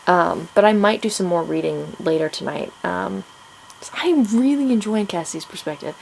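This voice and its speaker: A woman's voice: lowish voice, lively intonation, normal speed, creaky, darkish tone, slight background noise, low-quality recording. A woman writer chatting casually about her writing progress, rambling with plenty of ums and frequent laughs. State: out of breath. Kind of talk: casual chat to camera.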